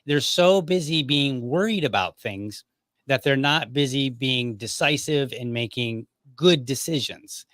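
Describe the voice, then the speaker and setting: A man hosting a podcast, talking in a relaxed, chatty way and leaning on filler phrases. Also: mid-range voice, a little slow, no echo, studio quality. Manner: relaxed, chatty, many "you know" fillers. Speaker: podcast host. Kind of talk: casual conversation.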